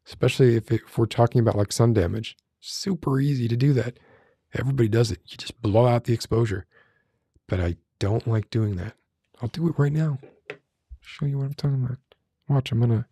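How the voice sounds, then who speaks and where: A man with a smoky, gravelly voice chatting loosely on a livestream, often breaking off mid-sentence and swearing casually. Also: mid-range voice, warm tone, dry recording, studio quality. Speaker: streamer. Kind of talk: casual rambling livestream chat.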